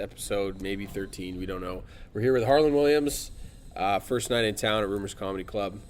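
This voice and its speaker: A man's voice: lowish voice, soft background music. A man hosting a comedy podcast on a club stage, laid-back and quipping along with his guest. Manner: laid-back, laughing along, quick quips. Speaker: podcast host. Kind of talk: casual comedy podcast chat.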